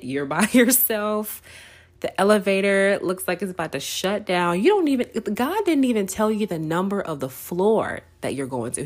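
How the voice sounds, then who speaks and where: A woman's voice: medium pitch, darkish tone. A woman hosting a faith podcast, telling a story in a casual, chatty way, often asking "right?" and laughing. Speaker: podcast host.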